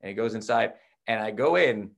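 A young male teacher who co-hosts a podcast speaks briskly in a fairly low, gravelly voice. Chatting casually, he tells stories animatedly and acts out the quotes at full volume.

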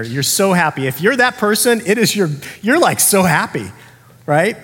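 A man's voice: on the high side, animated, fairly quick, fairly bright tone, husky. Conversational man preaching in a reverberant hall. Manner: conversational, acts out quoted characters. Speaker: pastor. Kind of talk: sermon.

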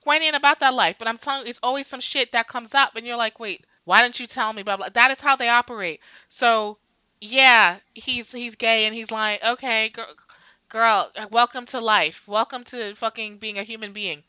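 A young adult woman co-hosting a casual chat, blunt and profane, telling animated stories. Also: a little high, moderate pace, clear, resonant tone, no echo. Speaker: podcast co-host.

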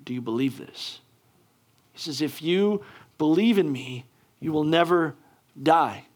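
A man's voice: a little high, expressive, measured pace, pauses often. A man preaching a sermon, talking casually with many restarts and building to fervent, emphatic delivery. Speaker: pastor.

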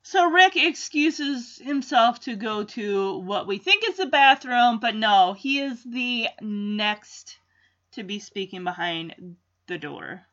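Woman vlogger, high bright voice, unhurried chatty recap, a bit lo-fi. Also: expressive. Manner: chatty, amused, acts out quotes. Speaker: vlogger recapping a sitcom episode. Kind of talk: casual reaction chat.

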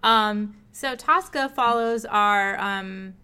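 A woman's voice: medium pitch, takes it slowly, sharp tone, clear, resonant tone. An American woman hosting a casual podcast chat, blunt and swearing freely as she mocks pretension. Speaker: podcast host.

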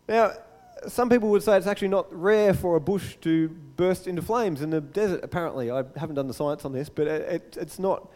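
A man preaching a sermon as a pastor, telling the story in a lively way and acting out the scenes. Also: high-pitched, a little fast, big-room sound. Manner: animated storytelling, acts out the scene.

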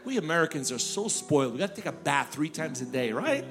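A middle-aged man from Ukraine preaching and telling a personal story in lively, animated style, acting out the people he quotes. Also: fairly high pitch, quick pace. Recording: music playing underneath.

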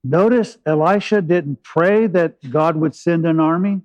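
Man preaching with dramatic pauses. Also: fairly high pitch, a little mellow, dull audio. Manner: retells scripture with dramatic pauses and asides. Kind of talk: sermon.

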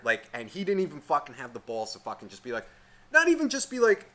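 Swearing, animated man ranting on a podcast. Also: mid-range voice, quick pace. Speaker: podcast co-host. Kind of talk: casual profane storytelling.

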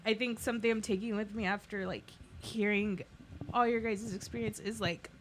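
A young woman in her twenties, a podcast co-host, talking in a halting, tearful way, laughing through tears as her voice breaks. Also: medium pitch, fairly even intonation, a little hiss or hum. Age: 20s. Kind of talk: emotional casual chat.

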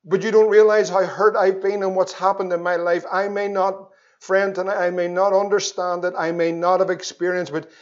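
Fervent preacher, lo-fi. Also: male voice, high voice, flat delivery, moderate pace. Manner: fervent preaching, swinging from loud pleas to hushed tones. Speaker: pastor. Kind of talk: evangelistic sermon. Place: church. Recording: dull lo-fi sermon recording.

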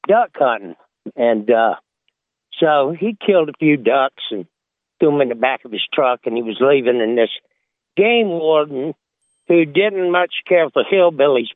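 A man's voice: a little high, dry recording. A man calling into a radio show, telling a joke in a folksy way with lots of uhs. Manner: folksy storyteller with many uhs. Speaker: caller. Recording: tinny phone line.

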